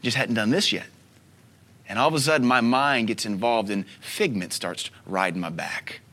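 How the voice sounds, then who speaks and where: A man in his thirties preaching a sermon as a pastor, telling stories with soft asides and sudden loud bursts. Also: lowish voice, moderate pace. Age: 30s.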